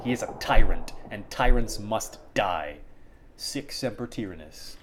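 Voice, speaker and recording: A man's voice: on the low side, animated, unhurried, a bit bright, a little hiss or hum. A man reading as Erika, a cold vengeful sorceress.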